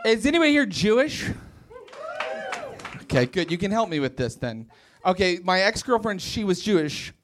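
Guy from west virginia doing standup, kinda high voice that jumps all over, rambly and self-deprecating. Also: sing-song, normal speed, a bit bright, slight background noise. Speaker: stand-up comedian. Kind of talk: stand-up set. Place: comedy club with audience.

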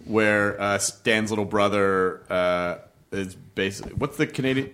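A man's voice: fairly low pitch, fairly even intonation, measured pace, fairly bright tone, slight background noise. A man hosting a podcast, chatting casually and rambling, cursing now and then. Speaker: podcast host. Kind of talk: casual chat.

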